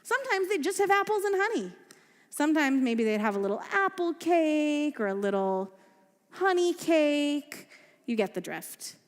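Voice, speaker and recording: Playful high-voiced woman telling a children's story. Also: very animated, moderate pace. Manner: playful, asks the children questions. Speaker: children's storyteller at a family service. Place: synagogue sanctuary. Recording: echoey hall with faint music.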